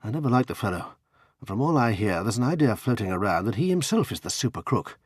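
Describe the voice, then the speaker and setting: A hearty young upper-class Englishman, blunt and chummy, rattling along in lively tones, as the reader puts him on. Slightly husky, recorded close and dry. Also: lowish voice, fast, no room sound. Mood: brisk.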